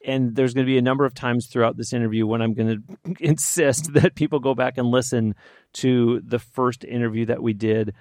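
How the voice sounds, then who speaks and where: A man's voice: medium pitch, fairly even intonation, a little fast, a little mellow, no echo. A man hosting an interview podcast from a radio studio, upbeat and full of enthusiastic reactions. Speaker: podcast host.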